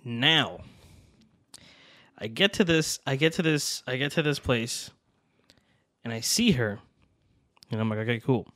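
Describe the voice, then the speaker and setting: A young man in casual podcast chat, spinning a story with lively energy and acting out each person's lines. His voice sits at a middle pitch. The sound is dry and close, with no room around it. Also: unhurried, pauses often, no echo. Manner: animated, acts out quotes with swearing and laughs. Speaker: podcast co-host.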